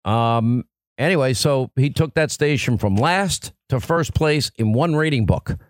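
A man hosting a political talk radio show, punchy and combative with quick asides, on a studio microphone. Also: mid-range voice, dry recording.

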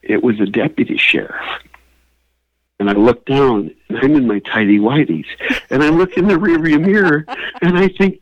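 A man telling a comic story as a guest, animated and building to high excited peaks. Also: moderate pace, dry recording, dull audio. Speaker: comedian guest.

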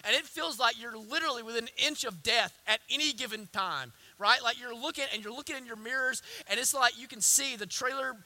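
A man preaching a sermon, swinging between hushed, intimate lines and loud impassioned ones, with folksy asides to the congregation. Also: very high-pitched, fairly quick, few pauses. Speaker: pastor.

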